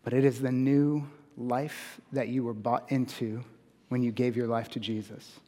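A man preaching a sermon in earnest. He builds to emphatic peaks and slows down on key phrases. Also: medium pitch, flat delivery, mellow, in a large hall. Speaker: pastor.

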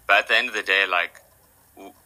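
A man's voice: lowish voice, quick pace, pushed and bright, rough recording. A man who is a podcast guest, telling stories in a casual, rambling way with lots of fillers. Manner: rambling, filler-heavy, acts out quoted people. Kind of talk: casual storytelling chat.

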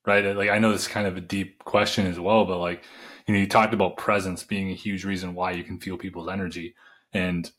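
A man's voice: low-pitched, little pitch movement, fairly quick, a bit bright. A man hosting a podcast, asking a loose, searching question full of fillers. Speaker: podcast host. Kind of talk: interview question.

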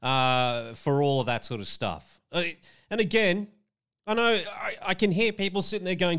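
A man giving indignant, animated commentary on political video clips, full of chatty asides. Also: on the high side, normal speed, smooth. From Australia.

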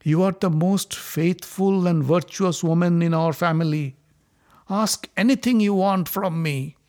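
A man's voice: high-pitched, a little slow, pitched above the performer's own voice. A man voicing an old king who cries out in command and speaks kindly. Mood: gentle. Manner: crying out, then gentle. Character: old blind king, frail yet commanding.

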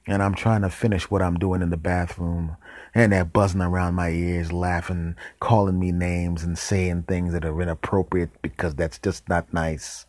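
A man hosting a podcast, telling a comic story in a deadpan way and dropping into whispered asides. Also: low-pitched, moderate pace, no room sound. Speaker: podcast host.

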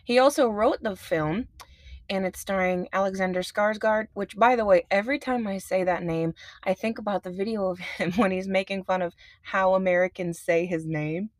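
A woman's voice: mid-range voice, normal speed, no echo. Chatty woman hosting a movie podcast. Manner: chatty, self-aware, laughs easily. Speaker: podcast host. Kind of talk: casual movie review podcast.

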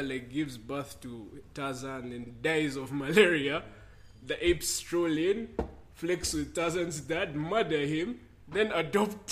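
A man co-hosting a casual chat, telling a rambling, animated story with lots of fillers. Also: a little high. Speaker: podcast co-host.

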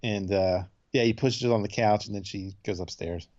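A man's voice: fairly low pitch, normal speed, darkish tone, dry recording, dull audio. A man chatting casually as a podcast host, rambling through a retelling of a TV episode and loosely acting out the quotes. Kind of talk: casual chat recapping a TV episode.

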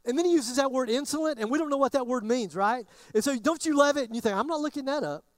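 A man's voice: very high-pitched, fast talker, no echo. A man preaching a sermon in a casual, conversational way, often acting out what his listeners might be thinking. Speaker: pastor.

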